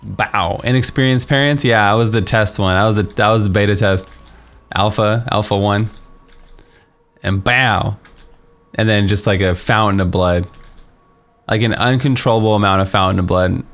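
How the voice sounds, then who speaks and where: Young male game streamer, lowish voice, loose rambling delivery, faint game music behind. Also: moderate pace, pauses often, a bit bright. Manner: rambling, many fillers and restarts. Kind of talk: casual storytelling while playing.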